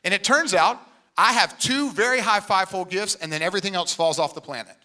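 A man's voice: high-pitched, fairly quick, bright, forceful tone. A middle-aged male pastor preaching a sermon with energy and humor, often quoting people in put-on voices.

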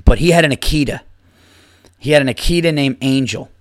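Profane rambling man, smooth dry voice. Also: medium pitch, brisk, no echo. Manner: profane, rambling, laughs through stories. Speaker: podcast host. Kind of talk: casual storytelling monologue.

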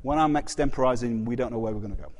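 A man with a medium-pitched voice talks very fast, preaching a sermon in a conversational way. He often puts questions to his congregation, and the recording has long hall reverb.

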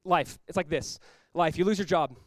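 A man's voice: fairly high pitch, normal speed, dry recording, low-quality recording. A man preaching a sermon as pastor, earnest and emphatic, often repeating words as he builds each point. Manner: acts out short quoted voices.

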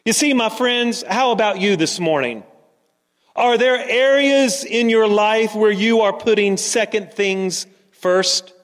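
Slow-speaking high-voiced male pastor. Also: long reverb tail. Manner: storytelling, rhetorical questions, earnest. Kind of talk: sermon.

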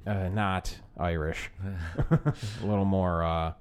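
A man telling a story in casual chat, animated and profane, often laughing. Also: sits low, slow pace, smooth. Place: bar room.

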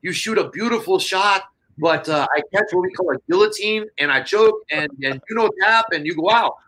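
A man's voice: sits high, brisk, pushed and bright, voice pushed up. A man doing a jovial jiu-jitsu instructor. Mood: cheerful.

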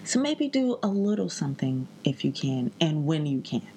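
A woman chatting casually on a podcast, animated and playful, giving practical advice. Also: low-pitched, moderate pace, slight background noise. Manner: animated, playful, breaks into impressions.

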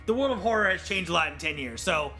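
A man hosting a casual podcast with a high, very bright, sharp voice. He is opinionated and leads the talk with questions. Faint music sits in the background. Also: lively intonation, fast. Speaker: podcast host. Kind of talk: casual chat.

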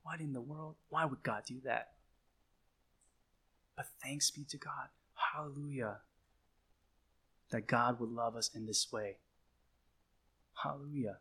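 Slow, emphatic male preacher. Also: medium pitch, bright, forceful tone, slightly rough. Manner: emphatic, repeats phrases, slow deliberate delivery. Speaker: pastor. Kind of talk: sermon.

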